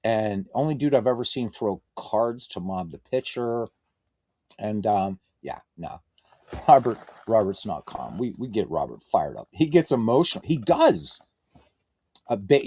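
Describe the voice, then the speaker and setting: Man, low voice, very animated, casual baseball stream chat, announcer-style lineups, self-mocking, dry close sound. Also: no room sound. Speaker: game streamer.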